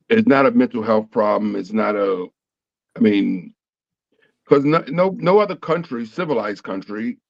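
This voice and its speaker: A man's voice: on the low side, darkish tone, no echo, highs cut off. A man, a comedian, talking casually and rambling with lots of fillers and restarts. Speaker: comedian guest. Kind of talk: casual panel chat.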